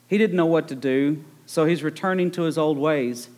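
A man's voice: on the high side, moderate pace, a little mellow. A man preaching a conversational sermon, retelling the story with joking asides.

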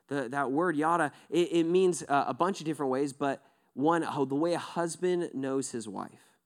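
A man preaching a sermon in a loose, conversational way, acting out quick quotes in different voices. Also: mid-range voice. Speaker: pastor.

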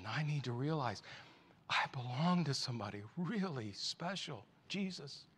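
A preacher man with a higher voice. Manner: swings between loud emphatic passages and quiet hushed ones; asks many rhetorical questions. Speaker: pastor. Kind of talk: sermon.

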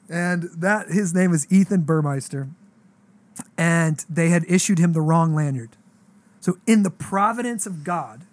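Animated high-voiced male pastor storyteller. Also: dry recording. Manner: animated, slangy, acts out quoted dialogue. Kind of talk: casual storytelling on a podcast.

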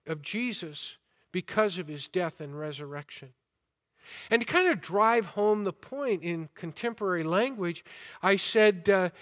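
Male pastor, sermon delivery, high-pitched, unhurried, builds to emphatic points. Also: long reverb tail. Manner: deliberate preaching with rising emphasis and quiet asides.

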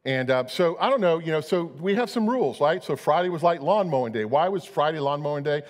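A man's voice: on the high side, expressive, fairly quick. A middle-aged man preaching a sermon, chatty and storytelling, often repeating his words. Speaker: pastor. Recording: long hall reverb.

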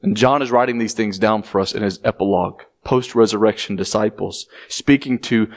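A man preaching a conversational sermon, often acting out the people he quotes. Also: fairly quick. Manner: conversational preaching, acts out quotes with rising pitch. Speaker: pastor.

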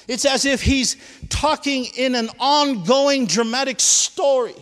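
A male pastor preaching a sermon, swinging between shouted climaxes and hushed asides. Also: very high voice, measured pace. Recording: long hall reverb.

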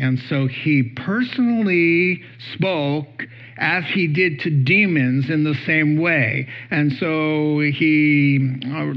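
A man's voice: fairly high pitch, lo-fi sound. A man preaching a sermon as pastor, earnest and building to emphatic peaks.

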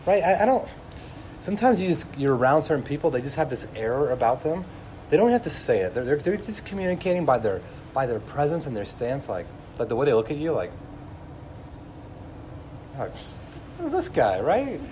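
A young man preaching a sermon to a room, telling stories in an animated way with many asides. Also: mid-range voice, a little fast, a little hiss or hum. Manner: animated storytelling, laughing, lots of "like". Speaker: pastor. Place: room with an audience.

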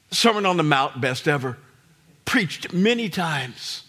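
A man preaching a sermon as pastor, swinging from hushed, low lines to loud shouted peaks and repeating words for emphasis. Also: big pitch swings, measured pace.

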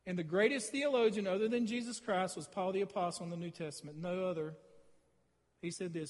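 Guy preaching a sermon, high voice, lots of punch then drops quiet, big church echo. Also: fairly quick. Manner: animated storytelling preacher, swings between loud emphasis and quiet. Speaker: pastor. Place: church sanctuary. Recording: long hall reverb.

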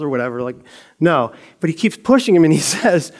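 A man's voice: fairly high pitch, very animated, brisk. A middle-aged man teaching a Bible story in a casual, conversational way, joking and laughing as he retells it. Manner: conversational, jokey, laughs often.

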